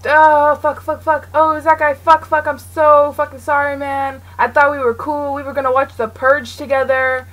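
A woman giving let's play commentary, frantic and swearing, yelling at game characters and dropping to a hushed mutter while hiding. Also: high-pitched, level tone, normal speed, few pauses. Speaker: gaming channel host.

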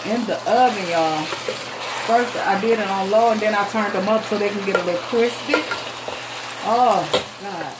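A woman's voice: mid-range voice, normal speed, very noisy. A middle-aged woman talks casually to viewers while cooking in her home kitchen. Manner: chatty, playful, frequently addresses viewers as y'all. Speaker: cooking vlogger. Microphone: phone. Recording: clear sizzling and stirring in the background.

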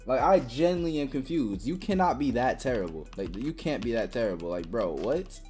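A young woman giving live gameplay commentary, trash-talking with sudden excited yelps and shouts. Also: a bass voice, a little fast, faint music behind. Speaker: gaming channel host.

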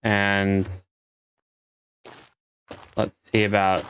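A man's voice: fairly low pitch, completely flat delivery, drawn-out words, a bit bright, smooth. A man giving casual let's-play commentary, muttering to himself as he works things out and swearing when frustrated. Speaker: gamer playing a space survival game.

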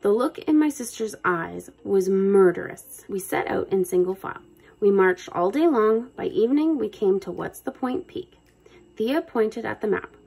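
A woman hosting a read-aloud channel for children, narrating a chapter book. Her voice is husky with a gravelly edge, sitting in a middle pitch. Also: normal speed, rough recording. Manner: lively, addresses listeners as guys. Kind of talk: read-aloud storytelling for kids.

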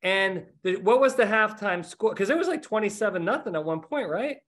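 A man's voice: high-pitched, lively intonation, brisk, fairly bright tone. A middle-aged man hosting a podcast, telling stories in casual, self-mocking chat. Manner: rambling storyteller, self-mocking. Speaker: podcast host.

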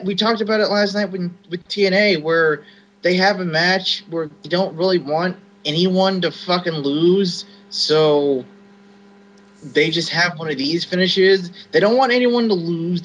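A man on a wrestling podcast vents his frustration with blunt, profanity-laced rants. His voice sits slightly high in casual back-and-forth talk. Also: a bit bright, poor audio. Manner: blunt ranting with frequent swearing. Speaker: podcast co-host.

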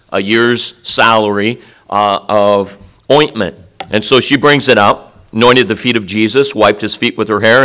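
In a college chapel, a middle-aged pastor with a fairly low-pitched voice delivers an animated sermon. He shifts between loud and quiet and adds mocking asides along the way.

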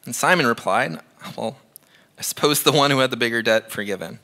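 A man in his thirties preaching in a church, his voice bright and forward. He talks to the congregation casually, then presses his points with emphatic repetition. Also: mid-range voice, fairly quick. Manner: conversational, emphatic, repeats phrases for effect. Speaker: pastor. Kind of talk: sermon.

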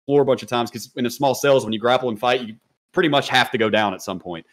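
Fast-talking, profane man telling a story. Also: medium pitch. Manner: profane, slangy, animated storyteller. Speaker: podcast guest. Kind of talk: casual storytelling.

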